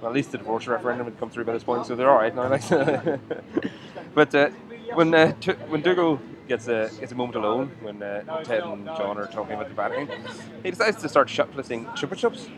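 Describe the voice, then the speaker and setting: A man's voice: mid-range voice, crowd noise. An Irish man co-hosting a podcast, chatting casually and joking with his co-host. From Ireland. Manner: quick, jokey, swears casually. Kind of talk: casual chat.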